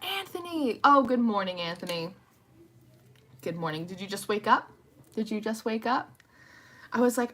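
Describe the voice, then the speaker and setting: A woman's voice: mid-range voice, very animated, moderate pace, a bit bright. A woman chatting casually from home on a livestream, rambling and greeting viewers by name. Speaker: livestream host. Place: at home at night.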